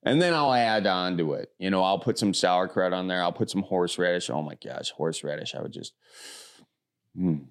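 A man from the American Midwest answering rapid questions in an easygoing, rambling way. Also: deep voice, clean tone. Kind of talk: casual chat.

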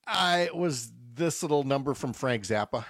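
A man's voice: mid-range voice, expressive, normal speed, heavy background noise. A man in his fifties hosting a radio morning show, chatting casually and joking with fillers. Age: 50s. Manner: chatty, jokey, loose with fillers.

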